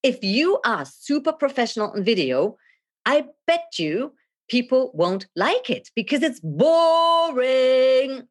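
A middle-aged woman, a video and leadership coach, speaking as a guest in a podcast interview in a theatrical, animated way, laughing often. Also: a little high, a little slow, slightly rough.

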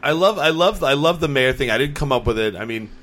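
A young adult man, a podcast host, chatting casually and telling lively stories with acted-out quotes. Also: mid-range voice, fast talker. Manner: animated storyteller, acts out quotes. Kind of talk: casual chat.

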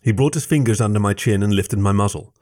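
Low-voiced man reading a story. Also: fast talker, a little mellow. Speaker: story reader. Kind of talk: first-person story narration.

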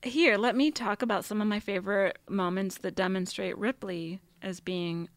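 A woman's voice: medium pitch, steady tone, normal speed, no echo. A woman co-hosting a podcast, chatting casually about a film and laughing often. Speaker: podcast co-host. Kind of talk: casual movie discussion.

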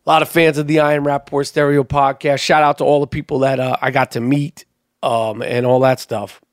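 In a dry, studio-quality recording, a man hosts a podcast and tells stories in casual chat, getting heated and swearing heavily. His voice is mid-range and level in tone, and he speaks briskly.

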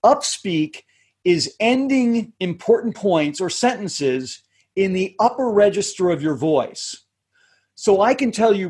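A middle-aged man with a husky, slightly breathy voice that sits high for a man. He speaks as a coach being interviewed, measured and explanatory, circling back to restart his phrases as he goes. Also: very animated, a little mellow. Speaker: communications coach and podcast guest. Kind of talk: conversational interview answers.

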